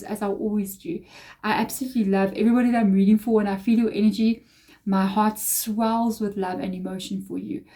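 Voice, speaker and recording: A woman's voice: medium pitch, dark tone. A woman giving a tarot reading to her viewers, earnest and reassuring, often repeating phrases for emphasis. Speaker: tarot reader.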